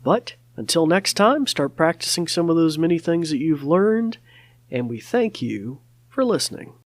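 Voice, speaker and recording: A man's voice: a little high, expressive, moderate pace, dry recording. Chatty male podcast host, dry sound. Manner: chatty, with many fillers and restarts. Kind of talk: casual podcast talk.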